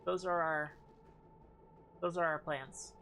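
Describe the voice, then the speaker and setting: A woman's voice: deep voice, fairly even intonation, slow, fairly bright tone, a little hiss or hum. A woman streaming a game and chatting casually with her chat. She thinks aloud and swears often. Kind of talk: casual live game commentary.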